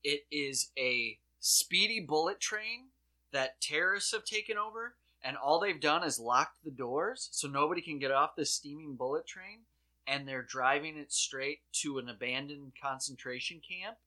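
Bright, excitable man joking around. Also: fairly high pitch, normal speed. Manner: excitable, sarcastic, acts out his own reactions. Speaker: podcast co-host. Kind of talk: casual comedic chat.

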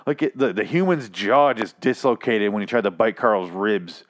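A man's voice: fairly low pitch, normal speed. A young man hosting a podcast, ranting in a profane, exasperated way while reviewing a TV episode, tired and achy after some whiskey. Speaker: podcast host.

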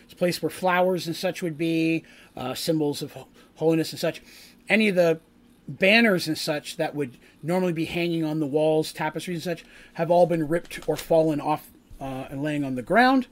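A man narrating a tabletop game as game master, rambling with many fillers and restarts, and lifting his voice for dramatic scene-setting. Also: normal speed. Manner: rises in pitch and volume for dramatic scene-setting.

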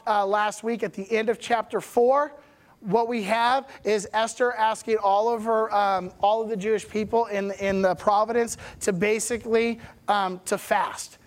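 A man teaching a Bible lesson in a chatty, animated storytelling way, often checking in with his listeners. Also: very high-pitched.

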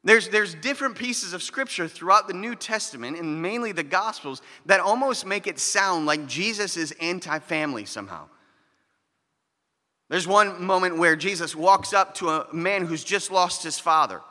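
A man's voice: high-pitched, expressive, normal speed, bright, forceful tone. A man preaching as a pastor, conversational, with playful asides and quoted scripture. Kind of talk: sermon. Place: church hall. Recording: long hall reverb.

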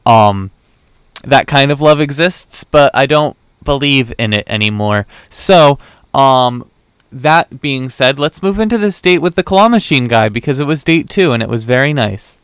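A young man hosts a podcast in a casual chat, rambling through a dating story and acting out the quoted back-and-forth with plenty of fillers. His mid-range voice is smooth and fairly bright, with lively intonation and an unhurried pace. The recording is dry.

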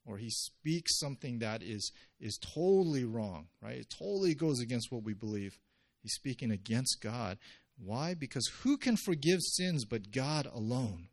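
Conversational male pastor preaching. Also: normal speed. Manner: conversational, animated, acts out quotes with pitch jumps. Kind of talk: sermon.

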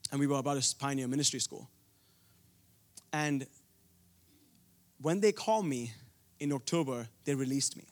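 A man's voice: medium pitch, normal speed, pauses often. A young man from India preaching a sermon, telling a personal story earnestly, with frequent restarts.

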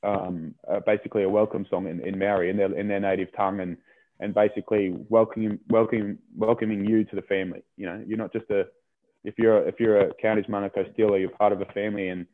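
An Australian rugby player chatting casually in an interview, rambling, repeating words and often saying "mate". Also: male voice, on the low side. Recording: tinny phone-line sound.

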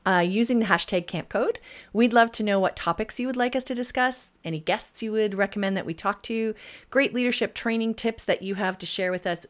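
A woman hosting a podcast in casual chat, upbeat and quick to laugh. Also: mid-range voice. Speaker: podcast host.

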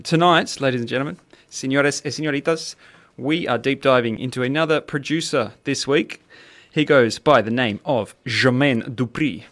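A man's voice: medium pitch, brisk, hardly any pauses, a bit bright. A man hosting a music podcast in a playful, chatty way with jokey asides. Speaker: podcast host. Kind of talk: casual music podcast chat.

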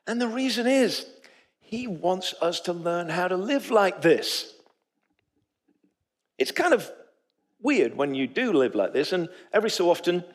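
A man preaching a sermon to his congregation, telling stories and acting out the voices of the people in them. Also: on the high side. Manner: animated storytelling, acts out quoted voices. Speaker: pastor. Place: church sanctuary.

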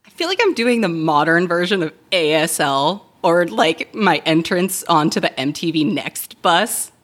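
A woman's voice: on the low side, expressive, normal speed. A woman co-hosting a podcast, reading a scripted introduction in a playful, self-deprecating way. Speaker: podcast co-host.

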